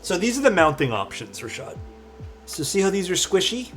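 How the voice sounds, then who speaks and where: A man streams himself assembling a keyboard, his fairly high voice sing-song and fairly bright at a normal speed, with soft music behind him. He talks casually, thinks aloud, and answers chat, sometimes drifting off-mic while searching for parts.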